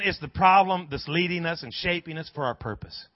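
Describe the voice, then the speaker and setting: High-voiced preacher telling a story. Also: male voice, fairly quick, dry recording. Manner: storytelling preacher, swings from hushed to shouting. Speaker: pastor. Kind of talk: sermon. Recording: dull dry lo-fi sermon audio.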